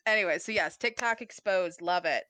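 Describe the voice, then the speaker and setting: A woman's voice: fairly low pitch, normal speed, pushed and bright. A woman co-hosting a podcast in casual chat, playful and rambling, swearing freely. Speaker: podcast co-host. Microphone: desk mic, typing nearby.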